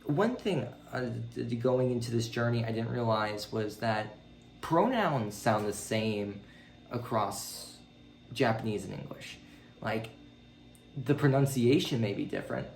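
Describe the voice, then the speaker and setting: A man's voice: animated, a little slow, creaky, faint music behind. Chatty man rambling in an echoey room. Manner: rambling and chatty, with many ums and uhs; pitch leaps up when quoting his own reactions. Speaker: language-learning vlogger. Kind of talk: casual video diary.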